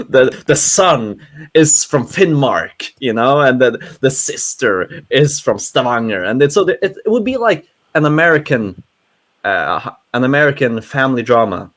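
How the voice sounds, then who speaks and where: A man with a Norwegian accent chats on an online panel, his voice moving all over the place in pitch. He talks in an animated way, chuckling and restarting his sentences as he goes. It sounds like an easy conversation among panelists. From Norway. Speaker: panel guest. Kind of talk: casual panel chat.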